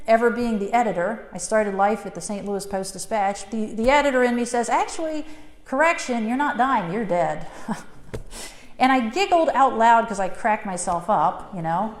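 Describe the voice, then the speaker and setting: Lively woman speaker in an echoey hall. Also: on the high side, moderate pace. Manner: animated storytelling with giggles and quoted thoughts. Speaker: speaker sharing a near-death experience. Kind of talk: personal talk to an audience. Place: talk in a hall. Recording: echoey hall with long reverb.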